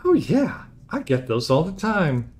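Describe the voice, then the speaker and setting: A squeaky young woman, chipper and a bit odd, full of bouncy swings in pitch, as a male streamer puts her on. She talks in quick, whimsical bursts, with a game voice that reads as light and girlish. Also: sing-song, a little mellow. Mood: eager. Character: chipper young woman, new security hire.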